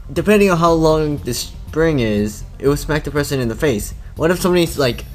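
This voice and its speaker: A man's voice: fairly high pitch, animated, brisk, few pauses, a little mellow, faint music behind. A man reading a visual novel aloud, breaking off into profane, laughing asides. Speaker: let's play host.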